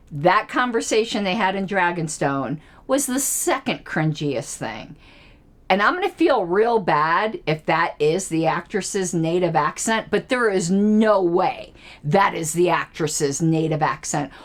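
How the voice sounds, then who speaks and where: Woman host, casual solo chat, rambling and self-talking, lively swooping pitch. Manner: rambling, laughs often, talks to herself while trying to recall names. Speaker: political commentary channel host. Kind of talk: casual solo TV episode discussion.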